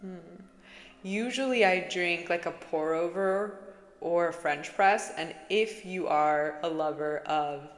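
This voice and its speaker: Laid-back woman vlogger, lowish voice, rambling casual chat, recorded in a reverberant room. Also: takes it slowly. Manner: chatty, giggly, says "like" a lot. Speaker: spiritual vlogger. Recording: echoey room with long reverb.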